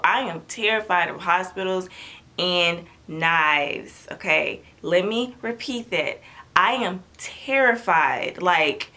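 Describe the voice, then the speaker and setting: Young woman, vlogger, chatty storytelling, dramatic quotes, bright tone. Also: on the low side. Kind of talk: animated storytelling to camera.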